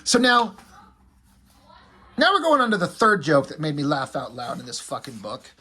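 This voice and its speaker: A man's voice: a little high, huge pitch swings, moderate pace, sharp tone, slightly rough. A man casually recapping a comic book, joking and swearing freely. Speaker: comic reviewer.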